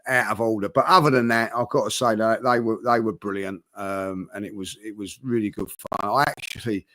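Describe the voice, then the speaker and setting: A man's voice: fairly low pitch, fairly even intonation, a little fast, sharp tone, no room sound, clean studio sound. A man chatting on a football panel, rambling with lots of fillers and restarts. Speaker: football fan pundit. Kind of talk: casual panel chat.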